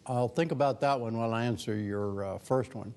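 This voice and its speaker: An older man, a former news anchor, speaking as a guest author at a Q&A, conversational with many restarts and lively quoted asides. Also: mid-range voice, fairly quick. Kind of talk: lecture Q&A talk.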